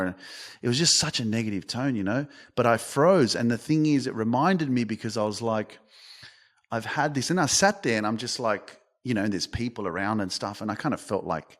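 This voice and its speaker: An Australian man in his thirties hosting a motivational podcast, telling stories in a casual, animated way, swearing often and restarting his sentences. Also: lowish voice, brisk. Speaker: podcast host and coach.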